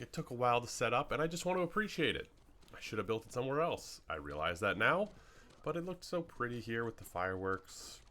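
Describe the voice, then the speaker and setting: Canadian guy rambling thru his game build, bouncy up-down voice, kinda bright. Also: on the low side, a little hiss or hum. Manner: rambling, chatty, lots of fillers and trailing asides. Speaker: gaming channel host. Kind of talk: casual gameplay commentary.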